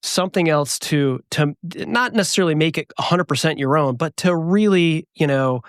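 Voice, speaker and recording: A man's voice: fairly high pitch, normal speed, clear, resonant tone, no room sound, clean studio sound. Rambling, filler-heavy man host. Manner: rambling, hesitant, many fillers. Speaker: podcast host. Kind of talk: casual interview chat.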